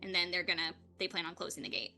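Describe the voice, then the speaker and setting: A woman running a tabletop game as game master, narrating in a chatty, relaxed way with many fillers. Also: lowish voice, fast, vocal fry, faint music behind.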